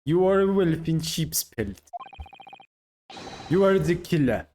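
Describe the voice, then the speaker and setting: A man voicing a gruff male Russian sailor with an attempted Russian accent, speaking in a stiff, menacing way. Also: fairly high pitch, animated, slow pace, dark tone, a little hiss or hum. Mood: accusing.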